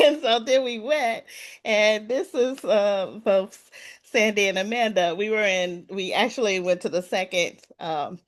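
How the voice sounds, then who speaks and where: A woman speaking on a panel at an event, telling a personal story in a chatty, animated way and acting out what people said. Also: medium pitch, moderate pace. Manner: chatty, animated retelling with quoted voices. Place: event room with an audience.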